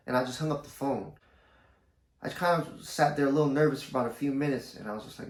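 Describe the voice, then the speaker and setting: Gravelly, laid-back male vlogger. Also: fast. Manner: laid-back, slangy, low-key. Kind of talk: casual storytelling to camera. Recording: roomy echo.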